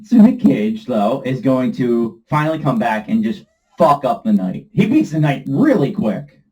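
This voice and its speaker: Mellow man recapping a film. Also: medium pitch, measured pace, rough recording. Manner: relaxed storyteller walking through the plot. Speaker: podcast co-host. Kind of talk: casual film review, plot recap.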